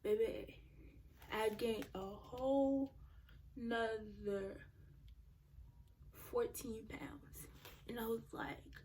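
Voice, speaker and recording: A teenage girl vlogging, telling her story in a chatty, animated way straight to her viewers. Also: on the high side, slow, long pauses, slight background noise. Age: teens. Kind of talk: casual storytime.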